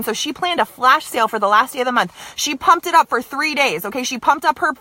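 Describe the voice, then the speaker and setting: Woman, motivational talk, emphatic, repeats herself, high-ish voice, dry close sound. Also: animated, fast, hardly any pauses, bright, forceful tone, no room sound. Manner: emphatic, repeats phrases, keeps asking "okay, you guys?". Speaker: direct sales team leader.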